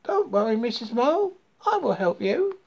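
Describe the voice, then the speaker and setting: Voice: medium pitch, big pitch swings, moderate pace, gravelly, husky, voice pushed up, heavily acted. A reader voicing a grateful, cheerful male frog in a children's storybook, eager and bouncy.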